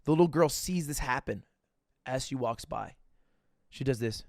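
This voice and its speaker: A young man streaming from home, telling a story to his chat in a casual, animated way, jumping into high voices when he quotes people. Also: moderate pace, gravelly, no echo, studio quality.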